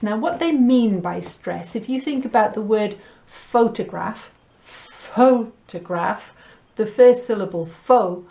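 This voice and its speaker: Brief: woman language teacher, slow and deliberate delivery, mid-range voice, mixes Spanish into English. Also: medium pitch. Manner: slow, clear pronunciation drills with light laughs. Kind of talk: recorded language lesson.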